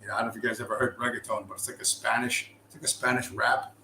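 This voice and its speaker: A man's voice: mid-range voice, little pitch movement, racing, bright, forceful tone, a little hiss or hum. Rambling profane man in a roomy room. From US East Coast. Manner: rambling, profane, loses his train of thought. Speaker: livestream host. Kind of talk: casual storytelling chat. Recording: roomy with faint ambience.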